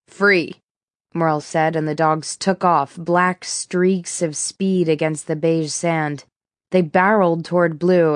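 A woman narrating a first-person audiobook in a measured, steady way. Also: deep voice, no echo, studio quality.

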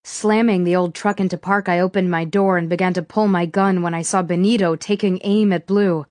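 A woman reading a first-person thriller audiobook in a steady, measured way. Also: on the low side, no room sound. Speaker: audiobook narrator.

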